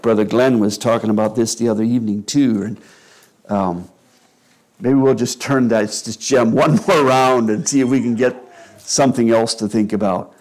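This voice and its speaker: A man preaching a sermon in a slow, measured and earnest way, with quiet asides. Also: medium pitch. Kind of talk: sermon on child-rearing.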